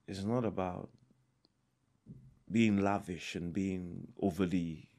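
A man preaching a sermon, emphatic and deliberate, with fervent raised passages. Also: low-pitched, creaky, darkish tone.

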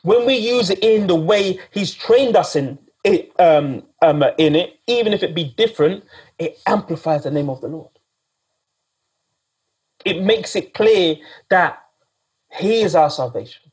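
A man's voice: high-pitched, lively intonation, measured pace, darkish tone, breathy edge. A man preaching a sermon in a casual, conversational way, often repeating himself and speaking straight to "guys".

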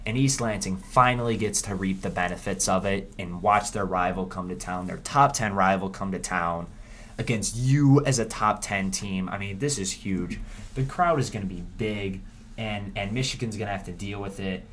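Low-voiced rambling sports talker. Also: male voice, normal speed. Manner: rambling, animated, frequent restarts. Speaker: sports podcast host. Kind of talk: casual sports preview talk.

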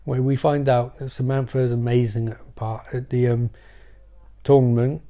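Sweary, excitable man recapping a film. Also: medium pitch, normal speed, dull audio. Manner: excitable, sweary, rambling asides. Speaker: movie recap commentator. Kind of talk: profane comedic film recap.

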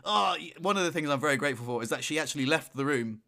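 A young man chatting on a podcast, telling a funny story with lively, dramatic retellings. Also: medium pitch, very fast. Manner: animated storyteller, shouts in retold moments. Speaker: podcast co-host. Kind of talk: casual chat, storytelling.

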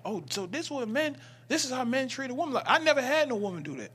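A man chatting as a podcast guest, telling animated stories about his marriage with loud, laughing bursts. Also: very high voice, fast talker. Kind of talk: casual storytelling chat.

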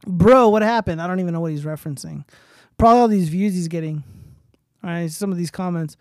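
A man's voice: sits high, quick pace, smooth, dry recording, studio quality. A young man hosting a casual livestream, reading posts aloud and swearing freely in loose, rambling commentary. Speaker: streamer host.

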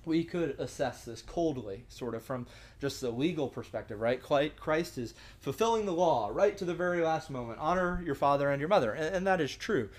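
A man's voice: fairly high pitch, animated, brisk. A young man leading a church discussion, teaching in an earnest, conversational sermon style with frequent restarts and rhetorical asides. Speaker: discussion leader.

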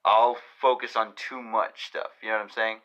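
Swearing Boston man, bright lo-fi chat. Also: lowish voice, little pitch movement, normal speed. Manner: swears often, rambling and self-correcting. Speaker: podcast host. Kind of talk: casual podcast chat.

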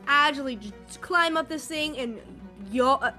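Woman, game master, bright crisp voice, a bit high, soft background music. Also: moderate pace. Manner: chatty, laughing, loose narration. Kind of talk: narrating a tabletop game.

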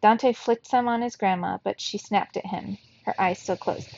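A woman reading a children's novel aloud for a book club, telling the story in a steady, expressive way. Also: medium pitch, moderate pace, creaky, dull audio.

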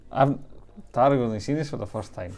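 A man hosting a casual film podcast, relaxed and quick to agree. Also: medium pitch. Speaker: podcast host.

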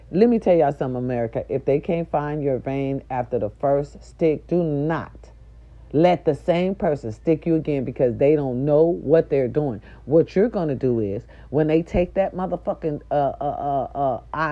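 An older woman, a nurse's aide and grandmother, telling an indignant, profane story straight to her viewers in a loud, animated rant. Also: deep voice, moderate pace, lo-fi sound.

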